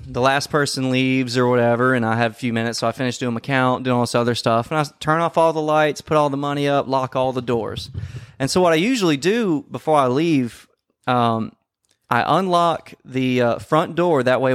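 Man on a podcast, casual storytelling, profane and animated, mid-pitched voice, dry close sound. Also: clean tone, dry recording. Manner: profane, animated, acts out quotes loudly. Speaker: podcast co-host.

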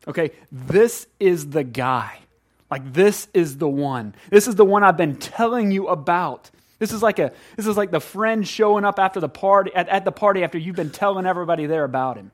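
A pastor praying and then preaching in a church sanctuary, talking in a conversational, animated way with frequent restarts. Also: male voice, high-pitched, fairly quick. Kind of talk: sermon.

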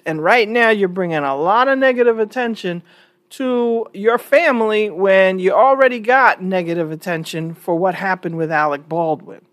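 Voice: medium pitch, normal speed, a bit bright, dry recording. A vlog host giving frank, casual opinion commentary, often restarting words mid-sentence.

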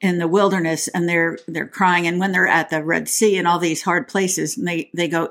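A woman's voice: on the low side, steady tone, moderate pace, hardly any pauses, fairly bright tone. A woman co-hosting a podcast, talking casually in a chatty, playful way and reading scripture aloud. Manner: chatty and playful, with frequent restarts. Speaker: podcast co-host.

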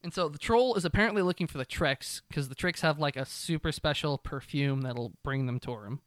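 Brief: young male co-host, lively storyteller, swears a lot, clear voice on the higher side. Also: fairly quick, no echo, studio quality. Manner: animated storytelling, swears freely, acts out characters. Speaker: podcast co-host. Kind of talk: casual recap chat.

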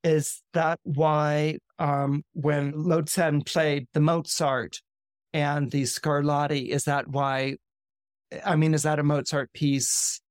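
A man's voice: a little high, flat delivery, slow, smooth, dry recording, clean studio sound. A man voicing a war-weary middle-aged traveler who asks hesitant, wondering questions in a story retelling.

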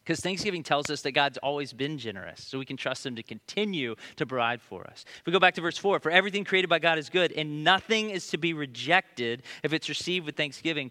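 Bright-voiced male pastor preaching. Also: a little high, lively intonation, fairly quick, hardly any pauses. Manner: conversational storytelling, rising to emphatic questions then dropping to hushed prayer. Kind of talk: sermon.

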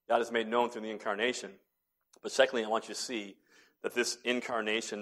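Brisk and medium-pitched, a middle-aged pastor preaches a sermon that drifts from hushed, almost whispered lines into loud, emphatic pronouncements.

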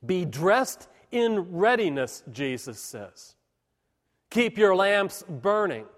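A man preaching a sermon as a pastor, speaking in an emphatic, measured way with dramatic pauses. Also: sits high, very animated, long reverb tail.

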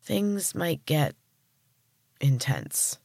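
A woman voicing a solemn young woman who is turning into a tree creature, speaking slowly in a breathy, weary voice. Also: low-pitched, very animated, a little mellow, no room sound, studio quality, exaggerated voice.

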